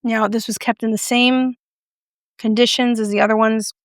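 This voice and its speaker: A woman's voice: fairly high pitch, little pitch movement, normal speed, no room sound, clean studio sound. A woman giving a casual makeup review with a playful, chatty manner and joking asides. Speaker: beauty vlogger.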